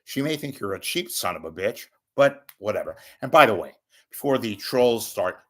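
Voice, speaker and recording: An older man ranting at home in a rambling, profane, wisecracking monologue, swinging between loud bursts and muttered asides. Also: lowish voice, animated, normal speed. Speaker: media commentator. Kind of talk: off-the-cuff monologue.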